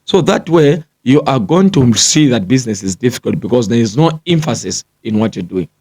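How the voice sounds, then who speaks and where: A man giving a motivational talk on running a business, speaking at a middle pitch. He lectures in a steady, repetitive way and keeps asking whether the listener follows him. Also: brisk, breathy edge. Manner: lecturing, repeats points, checks in with "you get the point?". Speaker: business coach.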